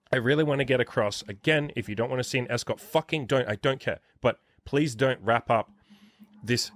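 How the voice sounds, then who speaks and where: A man's voice: medium pitch, a bit bright, no room sound, studio quality. A man in his thirties hosting an interview as a dating coach, talking bluntly with plenty of swearing. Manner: blunt, profane, emphatic. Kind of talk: casual interview chat.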